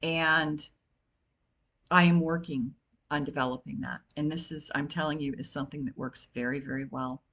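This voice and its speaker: A woman in her late fifties talks through a wellness lesson like a coach with her clients. She speaks in a loose, chatty way, full of ums and self-corrections, in a voice sitting a little low for a woman. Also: fairly even intonation, normal speed, a bit bright. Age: 50s. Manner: chatty, with many fillers and restarts. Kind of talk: informal talk on self-help.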